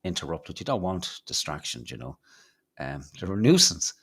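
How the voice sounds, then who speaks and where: A man's voice: low-pitched, very animated, moderate pace, gravelly, a bit bright, husky. An Irish man hosting a podcast in casual chat, rambling and swearing freely with many ums. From Ireland. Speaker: podcast host.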